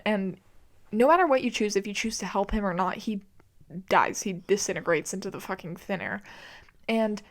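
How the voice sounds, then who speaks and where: A woman hosting a podcast, ranting casually and with disbelief about a video game, laughing often and swearing freely. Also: fairly high pitch. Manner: incredulous, exasperated, laughs often. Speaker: podcast host.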